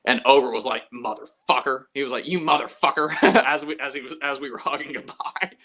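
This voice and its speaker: A man's voice: mid-range voice, steady tone, fairly quick, fairly bright tone. A man hosting a live stream, casually telling stories to his chat, swearing freely and acting out both sides of conversations.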